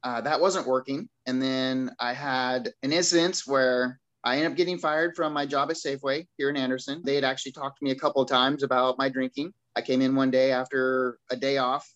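A man's voice: medium pitch, fairly quick, dull audio. A man from the United States recounting his past in casual storytelling. He is candid and laughs at himself, and he acts out the lines of the other people in his story. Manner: animated, acts out dialogue with others. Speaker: guest telling his recovery story.

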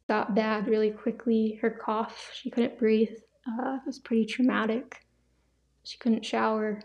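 A young woman hosting a podcast, sharing a personal faith testimony in a soft, halting, emotional way with many pauses. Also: on the high side. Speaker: podcast host. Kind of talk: personal testimony, casual talk.

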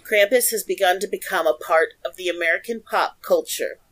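A woman's voice: on the low side, a little fast, a bit bright, low-quality recording. A young woman co-hosting a casual podcast, reading folklore research aloud with playful, giggly asides. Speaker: podcast co-host.

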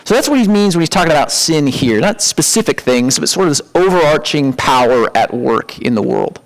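A man preaching a conversational sermon, animated, with sudden high-pitched emphatic asides. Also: brisk, rough recording. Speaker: pastor.

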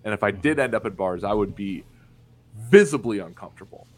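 A man's voice: on the low side, lively intonation, a little fast. A young man from Indiana, a podcast guest, telling a personal story in a candid, blunt way and swearing freely. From Indiana, USA. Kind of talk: casual storytelling in conversation.

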